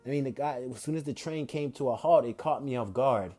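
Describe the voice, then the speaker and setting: A man's voice: mid-range voice, brisk, dark tone, soft background music, lightly acted. A man voicing a cheerful, easygoing young male martial-arts hero in a fan-told story, with a slightly raised, casual delivery.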